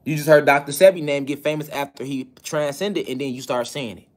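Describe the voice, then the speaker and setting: A man's voice: fairly high pitch, fairly quick. A man giving a preaching-style spiritual lecture, hammering his points with repeated phrases and rhetorical questions. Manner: repeats key phrases for emphasis.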